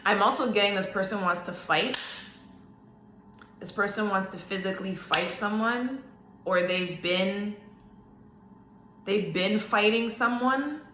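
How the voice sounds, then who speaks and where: A woman's voice: medium pitch, measured pace, long pauses, sharp tone, roomy sound, a little hiss or hum. A woman hosting a solo podcast, chatting casually and talking straight to her listeners with frequent okays. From Canada. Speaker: podcast host. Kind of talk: solo psychic-reading podcast talk.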